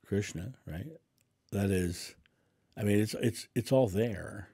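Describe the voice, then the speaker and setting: A man's voice: fairly low pitch, unhurried, warm tone, slightly rough, no echo, studio quality. A man hosting his own channel, speaking straight to camera in a casual, emphatic monologue, repeating phrases for stress and laughing often. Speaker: channel host, spiritual speaker.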